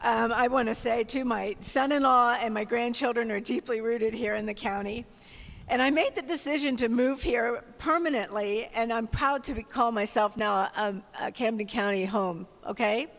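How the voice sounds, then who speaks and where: A woman's voice: a little high, moderate pace, gravelly, a bit bright. A middle-aged woman, a candidate, giving a prepared statement at a live debate in an earnest, slightly emotional way, with some hesitant fillers. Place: winery event space with audience. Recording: long hall reverb on a live event mic.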